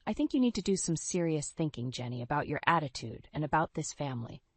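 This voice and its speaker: A woman's voice: low voice, sing-song, fast talker, husky, no echo, exaggerated voice. A woman voicing a stern, impatient husband who speaks in a curt, dismissive way.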